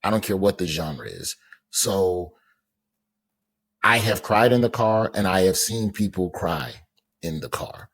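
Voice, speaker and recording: A man's voice: deep voice, very animated, measured pace, long pauses, fairly bright tone. A man who is a comedian and podcast guest, talking bluntly and reflectively in casual, profane chat.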